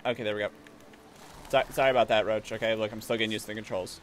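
A man streaming a video game, chatting casually and jokingly, even talking back to the characters. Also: lowish voice, fast. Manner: playful, jokey, talks to characters. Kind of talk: casual gameplay commentary. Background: game music.

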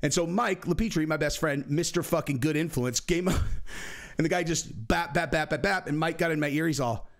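A man's voice: fairly high pitch, brisk, fairly bright tone. A young man hosting a channel, telling a story in casual, profane talk, acting out other people's voices. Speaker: channel host.

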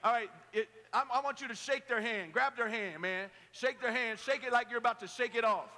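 A male pastor with a very high, bright, ringing voice preaches to a youth camp crowd. He jokes around and leads the room in call-and-response. The sound carries a long hall echo. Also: brisk. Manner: playful, joking, rallying the crowd. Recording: echoey hall.

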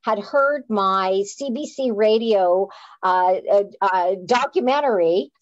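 Woman, lively storyteller, restarts a lot, dull dry sound. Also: mid-range voice, takes it slowly, no echo. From Canada. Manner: animated, self-deprecating, frequent restarts. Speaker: author and playwright. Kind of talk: casual storytelling on a live chat.

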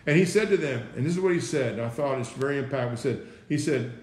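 A man's voice: mid-range voice, lively intonation, fast talker. A man preaching an informal sermon, repeating phrases and firing off rhetorical questions with "right?" and "listen". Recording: echoey room.

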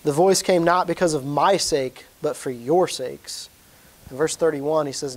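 Man, pastor, sermon, earnest, emphatic, fairly high voice. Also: fairly even intonation, measured pace. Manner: earnest preaching, rises in pitch for emphasis.

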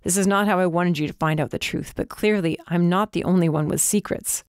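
A woman voicing a guarded, blunt young man who works as an undercover bodyguard, in a low, clipped, stubborn way. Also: brisk, clean tone, dry recording, clean studio sound, lightly acted. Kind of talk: audiobook character voice.

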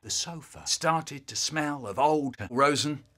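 A man telling a comic nonsense story, swinging between loud outbursts and quiet mutters. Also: slow. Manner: wildly swinging pitch and loudness, sudden shouts. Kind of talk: comic monologue, remixed.

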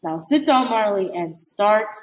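A woman's voice: mid-range voice, expressive, measured pace, pitched below the performer's own voice, lightly acted. A woman voicing a firm, knowing housekeeper with a dry, probing manner. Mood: stern. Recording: echoey room.

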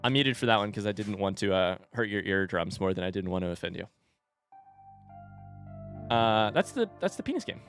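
A man streams a game from a room at home, chatting with his viewers in a loose, joking way. His pitch swings widely, he swears freely, and faint music plays under his voice. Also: sing-song, moderate pace, long pauses, fairly bright tone. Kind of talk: casual live-stream commentary.

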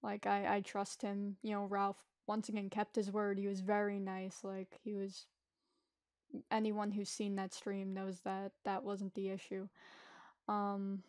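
A woman's voice: medium pitch, monotone, darkish tone, no echo, clean studio sound. A woman telling a painful personal story, hesitant and emotional, often stopping and restarting her sentences. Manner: halting, hesitant, many restarts. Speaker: vlogger.

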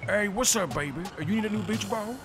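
A man doing a sleazy high-voiced pool salesman. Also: fairly quick, noisy background. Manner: slick, salesy pitch. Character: sleazy loud male pool-supply salesman. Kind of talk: comic mock commercial. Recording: voice over loud music.

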